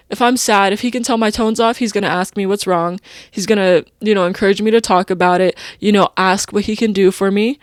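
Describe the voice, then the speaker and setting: A woman's voice: mid-range voice, dry recording, clean studio sound. A young woman hosting a podcast, talking in a rambling, personal, stream-of-consciousness way full of "like" and "you know". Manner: emotional, openly personal. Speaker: podcast host. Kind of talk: casual confessional monologue.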